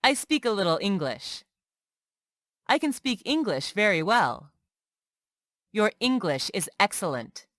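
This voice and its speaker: Woman, lesson reader, clear careful phrases, lively pitch, dry close sound. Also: dry recording. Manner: slow, clearly enunciated phrase-by-phrase reading. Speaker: English teacher. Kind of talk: reading practice phrases aloud.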